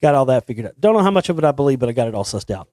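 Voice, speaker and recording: A man's voice: medium pitch, very animated, racing, a little mellow, no echo. A man hosting a casual solo talk show, rambling with many restarts and repeated words. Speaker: host. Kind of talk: casual monologue.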